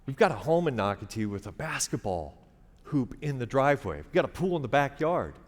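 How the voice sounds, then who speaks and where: A man's voice: mid-range voice, big pitch swings, fairly quick. Wry middle-aged man telling a story. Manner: wry, conversational, playing to the audience. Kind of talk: live comic storytelling. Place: large theater stage. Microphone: stage mic. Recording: long theater reverb, faint hiss.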